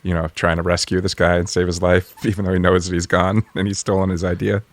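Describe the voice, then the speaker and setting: A man's voice: deep voice, flat delivery, fast talker. A man co-hosting a podcast, tossing in easygoing ideas and chuckling often in casual banter. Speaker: podcast co-host. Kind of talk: casual comedic brainstorming chat.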